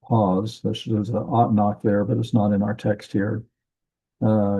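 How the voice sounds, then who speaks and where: A man teaching a slow classroom lesson, thinking aloud and correcting himself as he goes. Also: lowish voice, flat delivery, breathy edge, muffled recording. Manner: deliberate, thinking aloud with many ums and self-corrections. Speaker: Bible language teacher. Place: church classroom.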